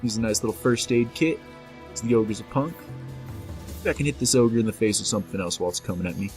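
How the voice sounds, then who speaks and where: Playful low-voiced man narrating gameplay. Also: quick pace, darkish tone. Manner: playful, talks to enemies, reads game text aloud. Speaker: gameplay commentator. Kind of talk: casual let's-play commentary. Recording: faint game music behind.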